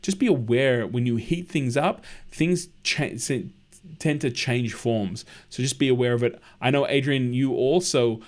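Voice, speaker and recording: A man's voice: medium pitch, a little slow. Chatty man hosting a maker livestream. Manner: chatty, friendly, tells anecdotes and answers viewer comments. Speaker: livestream host. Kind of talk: casual livestream chat.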